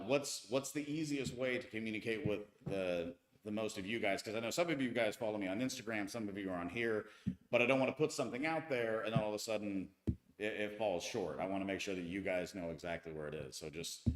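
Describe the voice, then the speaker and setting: A man's voice: lowish voice, brisk, echoey room. A man in his thirties from the United States hosting a casual live stream, chatting loosely and answering viewer comments. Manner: chatty, reads viewer comments aloud, frequent restarts. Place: home with tile floors.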